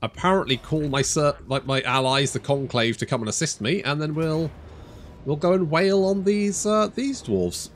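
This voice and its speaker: A man's voice: a little high, moderate pace, slight background noise. A man casually commenting on his strategy game as he plays. He thinks aloud, corrects himself as he goes and swears freely. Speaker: gaming YouTuber.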